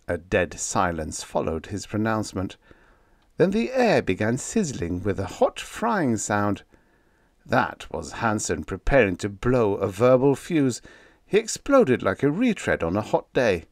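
A man reading a humorous vintage science fiction story aloud as an audiobook narrator, in a wry, lively storytelling manner. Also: lowish voice, a little slow, dry recording, studio quality.

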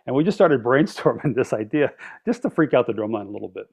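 A man telling stories on a podcast in a casual, animated way, acting out quotes and laughing often. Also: medium pitch, a little fast, gravelly, breathy edge. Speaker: podcast guest, drum line instructor. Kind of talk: casual storytelling.

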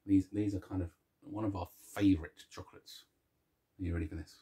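Munching chocolate as he chats, the host of a casual video call cracks jokes, pokes fun at himself, and chuckles at his own puns. His low, husky voice is dark in tone, steady, and fairly quick.

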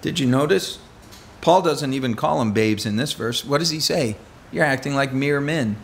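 A man's voice: mid-range voice, normal speed, vocal fry, slight background noise. A middle-aged man preaching a conversational sermon as pastor, telling stories with self-deprecating humor.

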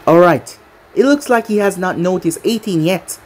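A woman's voice: on the low side, moderate pace, a little mellow, close to an everyday voice. Woman reading as a defiant young android fighter.

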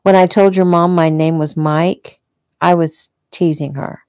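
A woman reading the lines of a gentle, injured man who talks softly to little girls. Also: lowish voice, fairly even intonation, a little slow, dry recording, clean studio sound. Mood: tender. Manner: soft, tender speech.

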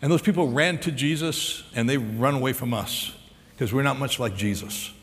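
An American man preaching a sermon as pastor, acting out the story's dialogue with lively energy. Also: medium pitch, normal speed, big-room sound. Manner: animated preacher, acts out dialogue.

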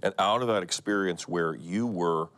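Deep-voiced host guy, laid back, lots of yeahs. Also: moderate pace, fairly bright tone. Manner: short affirmations, easy questions. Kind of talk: casual interview.

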